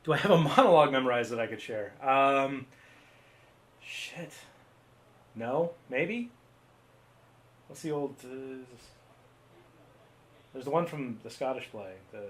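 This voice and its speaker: A man's voice: mid-range voice, expressive, a little slow, pauses often, a bit bright, slight background noise. Rambling, self-mocking man on a live stream. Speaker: podcast co-host. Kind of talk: casual live-stream chat.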